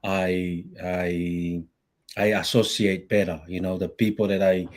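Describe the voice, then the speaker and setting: A man with a fairly low voice speaks casually and hesitantly. He stumbles and restarts his sentences often. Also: level tone, a little slow. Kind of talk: casual conversation.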